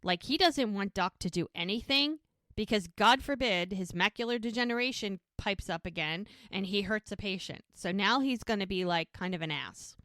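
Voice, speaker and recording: A woman hosting a podcast, casually recapping a TV episode with animated storytelling. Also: medium pitch, moderate pace, no echo, studio quality. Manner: animated storytelling, acting out lines in passing.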